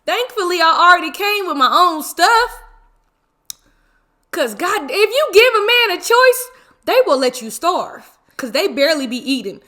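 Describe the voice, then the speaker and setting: A woman in her twenties telling a story casually while eating, animated and full of slang and exclamations. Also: very high-pitched, a little slow. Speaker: mukbang vlogger.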